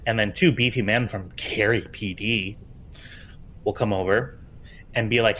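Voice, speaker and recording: A man in casual chat, telling a story with swearing, laughter and animated quoting. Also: on the low side, moderate pace, slightly rough.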